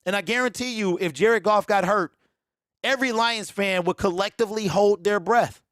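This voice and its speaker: Guy hosting a live sports stream, high voice, dry close sound, gets hyped and repeats himself. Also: normal speed, no echo. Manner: excitable, repeats himself, mocks fans in a mimicking voice. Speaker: sports show host. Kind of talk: casual live sports talk.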